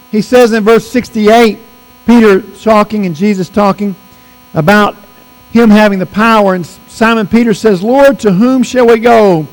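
Male preacher, very high voice, unhurried and emphatic, hall reverb with faint hum. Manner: emphatic, stretches words for stress. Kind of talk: sermon. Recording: long reverb, mains hum.

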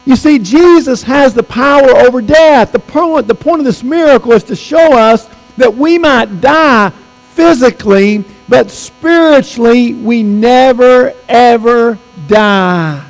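High-voiced man preaching a slow sermon. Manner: emphatic, stretches words for stress. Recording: long reverb, mains hum.

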